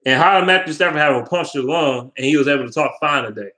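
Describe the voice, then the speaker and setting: Young guy w a higher voice ranting about his team, cussing, rambling, all worked up. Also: fast talker, bright, forceful tone. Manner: profane, heated, rambling. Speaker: sports fan vlogger. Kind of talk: casual sports rant.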